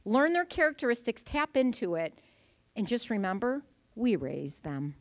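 A woman in her forties giving a lively conference presentation, telling stories and acting out the voices. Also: on the high side, moderate pace, dry recording. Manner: animated storytelling, acting out voices. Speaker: conference speaker. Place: event venue.

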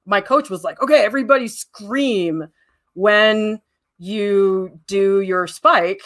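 A woman art teacher talking casually while she draws, often laughing and poking fun at herself as she tells stories. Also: lowish voice. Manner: self-deprecating, laughs often, animated storytelling. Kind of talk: casual drawing demo with chatty stories.

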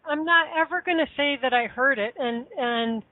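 A woman's voice: sits high, normal speed, no room sound. A woman chatting casually, rambling with lots of fillers and restarts. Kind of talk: casual chat. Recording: tinny phone line.

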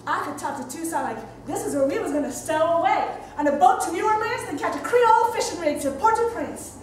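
A woman's voice: very high-pitched, lively intonation, a little fast, a little hiss or hum. A young woman performing a dramatic monologue on stage, telling her story in a vivid, playful way. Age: young adult. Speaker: stage actress. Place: theater stage. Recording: very echoey stage from far off.

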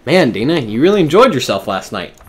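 A man's voice: mid-range voice, very animated, a little fast, lightly acted. A man reading the lines of an easygoing friend who admires and teases his partner. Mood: teasing.

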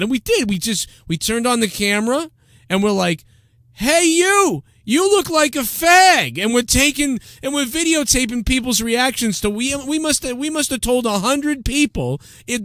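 A man's voice: very high-pitched, expressive, normal speed, fairly bright tone, dry recording, clean studio sound, voice pushed up. A man doing a mocking impression of a rowdy, cocky, beer-drinking male radio host with crude bragging. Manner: brash, rowdy, laughing braggadocio.

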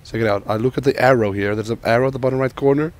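A man's voice: mid-range voice, racing. Man with a sore throat narrating gameplay. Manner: jokey, excitable, talks to teammates and himself. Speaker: gamer. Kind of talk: gameplay commentary.

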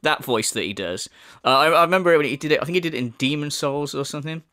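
Fast and sharp-toned, this man's voice sits on the high side as he hosts a sarcastic commentary channel with no echo. He mocks what he reacts to, laughs, imitates voices, and swears frequently.

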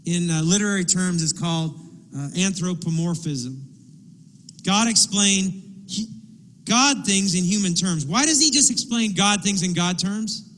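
A man with a notably high voice delivers an impassioned church sermon. He acts out desperate pleas in character as he preaches. The sound carries a long reverb from the church hall. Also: measured pace, a bit bright. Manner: impassioned preaching, acting out pleading quotes. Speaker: pastor. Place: church sanctuary.

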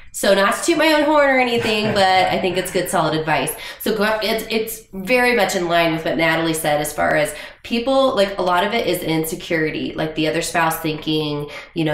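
A woman co-hosting a fitness podcast, a women's fitness coach giving lively, chatty advice. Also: fairly low pitch. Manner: animated storyteller, gives advice. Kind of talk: casual podcast chat. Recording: roomy echo.

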